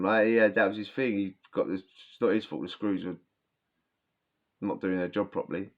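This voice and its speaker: A man telling prison stories in a rambling, slangy way, often restarting his sentences, with a sore throat. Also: on the low side. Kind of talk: casual storytelling. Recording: dull lo-fi sound.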